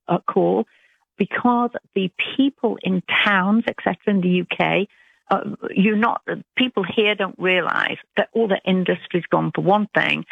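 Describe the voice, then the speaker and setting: A woman from Britain with a British accent, calling in to a talk radio show, speaking earnestly and haltingly with many restarts. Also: medium pitch, gravelly, no echo. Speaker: caller. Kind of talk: call-in radio phone call. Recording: tinny phone line.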